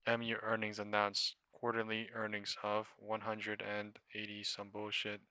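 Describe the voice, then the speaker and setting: Profane exasperated man, bright dry voice. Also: on the low side, completely flat delivery, measured pace, smooth, no echo. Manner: profane, exasperated rambling about trades. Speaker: live stock trading streamer. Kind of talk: casual live-stream commentary.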